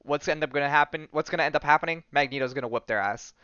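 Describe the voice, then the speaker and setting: A man's voice: fairly high pitch, very fast, smooth, no echo, highs cut off. A man hosting a podcast, retelling a comic in a casual, jokey way with lots of fillers. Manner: animated, jokey storyteller with many fillers. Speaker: podcast host.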